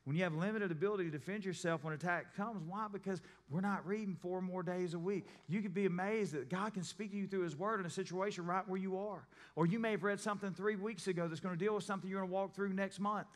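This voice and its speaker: A high-pitched pastor talks quickly, barely pausing, as he preaches a conversational, story-driven sermon and acts out the people in his tales. The adult parent is recorded in a church sanctuary, with long reverb and faint music behind him.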